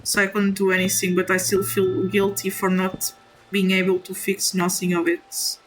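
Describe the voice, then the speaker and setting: Young female gaming streamer, non-native English, mid-pitched, halting and sincere, with faint noise behind her. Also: monotone, low-quality recording. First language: a language other than English. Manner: halting, heartfelt and confessional, with frequent restarts; apologetic, reassuring her viewers. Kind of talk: casual confiding chat while playing a game.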